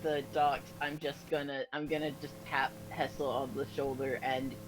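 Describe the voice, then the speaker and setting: A woman's voice: rumbling low, little pitch movement, moderate pace, over loud music, rough recording. A woman playing a tabletop game, describing her actions in a wry manner. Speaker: player.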